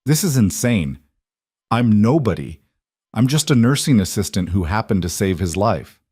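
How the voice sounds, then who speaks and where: A man's voice: lowish voice, expressive, normal speed, a little mellow, slightly rough, no echo, clean studio sound. A man voicing an anxious young woman, a nursing assistant, pleading and worried in an audiobook reading.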